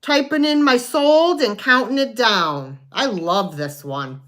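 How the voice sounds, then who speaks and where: A woman's voice: a little high, slow pace, fairly bright tone. A woman hosting a live online sale, chatting in a folksy way, describing items and counting down sales. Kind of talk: live selling stream.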